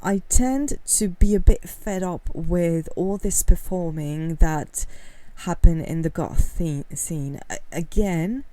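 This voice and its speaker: A woman giving casual talking-head commentary for a video essay, candid and rambling, with many fillers and soft laughs. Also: on the low side, slow, few pauses, no room sound.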